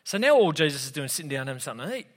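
An Australian man preaching a sermon in a relaxed, conversational way, with humorous asides, as a pastor with young kids. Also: fairly high pitch, very fast. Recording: long hall reverb.

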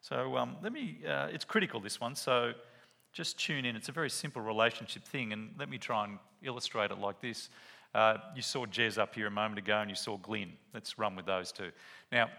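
A man's voice: lowish voice, brisk, creaky. A man preaching a sermon, walking through a Bible passage and acting out quotes as he tells a story. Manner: animated storytelling with acted-out quotes.

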